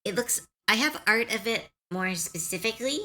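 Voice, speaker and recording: Bright, lively young woman streamer. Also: on the high side, moderate pace. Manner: chatty, self-deprecating, laughs often. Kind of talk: casual live-stream chat.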